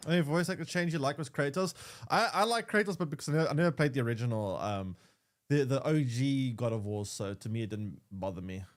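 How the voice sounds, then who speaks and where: A man's voice: mid-range voice, fast. A young man streaming a game, chatting casually with many stammered restarts and repeated words. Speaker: gaming streamer. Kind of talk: casual gaming commentary.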